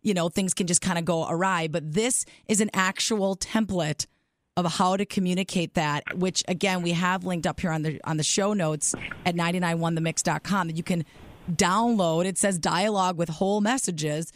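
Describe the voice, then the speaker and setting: A woman hosting a podcast interview, affirming her guest and recapping points slowly. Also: on the low side, fairly even intonation. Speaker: podcast host.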